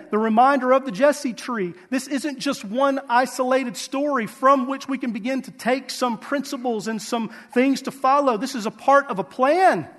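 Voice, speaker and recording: High-voiced man preaching in a hall. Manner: earnest preaching with rhetorical questions. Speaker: pastor. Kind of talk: sermon.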